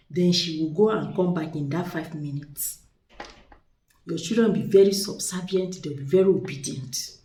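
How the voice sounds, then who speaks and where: Low-voiced woman pitching products, echoey. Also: moderate pace, warm tone. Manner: chatty, persuasive, repeats words for emphasis. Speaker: seller of spiritual products. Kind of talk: casual product showcase. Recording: echoey room, distant mic.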